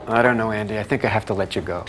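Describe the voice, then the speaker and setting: An actor playing a blunt nightclub owner who talks impatiently and repeats words for emphasis. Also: male voice, on the low side, rapid-fire, a bit bright, a little hiss or hum, natural voice. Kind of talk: film drama dialogue.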